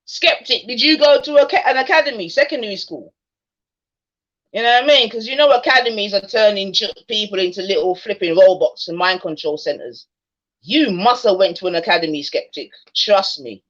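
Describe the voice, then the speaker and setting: A woman's voice: mid-range voice, lively intonation, brisk, a bit bright. A woman hosting a livestream, taunting and confronting a skeptic in casual slang. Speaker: livestream host. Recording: dull lo-fi stream audio.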